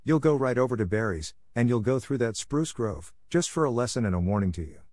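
A man's voice: medium pitch, expressive, fairly quick, darkish tone, dry recording, lightly acted. A man doing a curt stern old spinster. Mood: firm. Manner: curt, dry, scolding. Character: stern practical older spinster.

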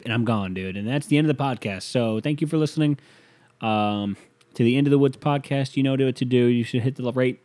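A man hosting a podcast, delivering a casual comedic monologue as a profane, rambling rant that swings between mumbled asides and loud outbursts. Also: medium pitch, brisk. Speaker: podcast host.

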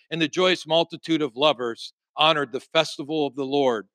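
A man's voice: a little high, fairly even intonation, normal speed, hardly any pauses, pushed and bright, no echo. A male pastor preaching a sermon, reading scripture aloud and building emphasis through repeated refrains.

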